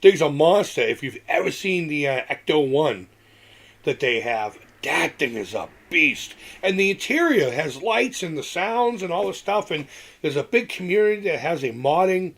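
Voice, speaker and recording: A man's voice: on the high side, big pitch swings, moderate pace, a bit bright. A middle-aged man hosting a casual live stream, talking in a loose, rambling way with restarts and small chuckles.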